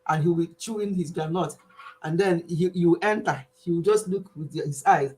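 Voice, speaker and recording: A woman's voice: on the low side, normal speed, darkish tone. Laughing woman hosting a live stream. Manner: laughing, playful, mimics viewers. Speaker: channel host closing a live stream. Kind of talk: casual live-stream chat.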